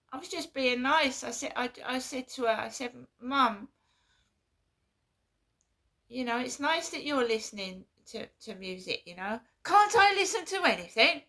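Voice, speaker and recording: Gravelly woman, aggrieved vlog monologue. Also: sits high, bright, forceful tone. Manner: halting, repeats herself, aggrieved. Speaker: vlogger. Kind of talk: casual personal monologue.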